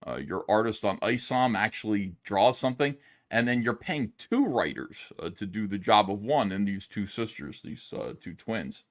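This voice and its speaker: A man streaming his reactions to videos, yelling and swearing in an exasperated rant from home. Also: fairly low pitch. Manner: loud, exasperated, profane yelling. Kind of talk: angry commentary rant. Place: home, downstairs.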